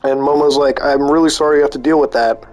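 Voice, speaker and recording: A man's voice: on the high side, fairly even intonation, fast talker, soft background music. A man streaming live, reading posts aloud and reacting with disbelief and swearing. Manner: incredulous, swearing, reacting out loud.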